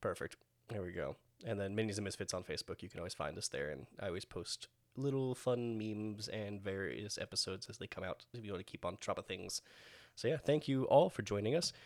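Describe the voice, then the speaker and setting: A man's voice: lowish voice, a little fast, dry recording. A man hosting a podcast and running a tabletop game as game master, upbeat and laughing. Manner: upbeat, laughing, wraps up with plugs. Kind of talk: casual tabletop game narration.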